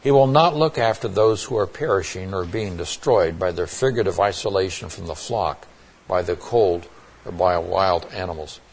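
A man's voice: deep voice, expressive, moderate pace, breathy edge. A man preaching a Bible sermon, earnest and plainspoken, often restarting his words with fillers.

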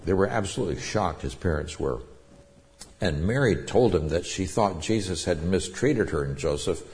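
Deep-voiced man preaching a Bible lesson. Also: lively intonation, normal speed, a little mellow. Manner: conversational Bible teaching with Greek word studies. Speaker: pastor. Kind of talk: sermon.

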